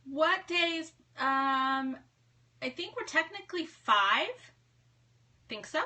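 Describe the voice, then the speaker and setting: Woman, 30s, home live-stream host; high, bright, chatty, welcoming. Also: expressive, takes it slowly. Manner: chatty, bubbly, reads out viewer names. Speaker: livestream host. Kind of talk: casual live-stream chat greeting viewers. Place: home office.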